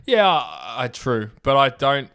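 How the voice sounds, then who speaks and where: A man's voice: mid-range voice, wildly swooping pitch, slow pace, creaky, pushed and bright, clear, resonant tone. A man co-hosting a casual motorsport podcast, talking in blunt, joking banter. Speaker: podcast co-host.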